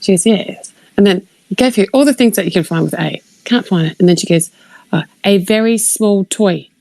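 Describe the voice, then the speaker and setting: A woman co-hosting a podcast in casual chat, sarcastic and animated when telling stories. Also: lowish voice, fast talker, gravelly, no echo. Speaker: podcast co-host.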